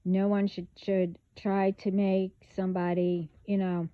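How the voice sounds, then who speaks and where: A woman talking bluntly in a casual spiritual vlog, halting, with many fillers and restarts. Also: mid-range voice, level tone, clean tone, no room sound. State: hiccups. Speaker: vlogger. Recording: phone-like band-limited audio.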